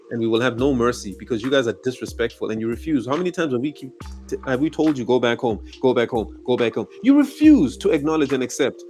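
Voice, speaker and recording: A man from South Africa with a South African accent, delivering an angry, emphatic, accusatory monologue to camera and hammering his points with repetition. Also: medium pitch. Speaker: commentary channel host. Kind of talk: heated monologue rant.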